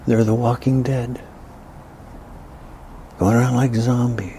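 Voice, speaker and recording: A man giving a ranting political commentary, emphatic, often dropping into breathy whispered asides. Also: mid-range voice, flat delivery, takes it slowly, pauses often, warm tone, a little hiss or hum.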